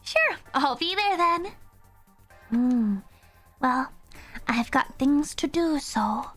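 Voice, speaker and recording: Woman doing high-voiced game bar patron, slow and breezy, easygoing. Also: animated, fairly bright tone, faint music behind, exaggerated voice.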